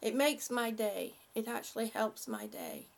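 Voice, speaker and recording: A woman's voice: a little high, wildly swooping pitch, a little slow. A woman on a live stream reading out viewer comments and thanking them, emotional and laughing often, a little short of breath.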